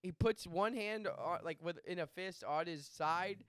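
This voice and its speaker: Brief: young male podcast host, smooth, slightly high voice, animated storytelling. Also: no room sound, studio quality. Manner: animated, profane, quick asides. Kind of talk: casual storytelling chat.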